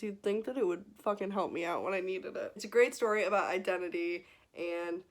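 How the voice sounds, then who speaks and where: A woman's voice: on the low side, fairly quick, hardly any pauses. A young woman in her twenties chatting casually in a book vlog, gushing and emotional, laughing often and close to tears. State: teary, close to crying. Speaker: book vlogger.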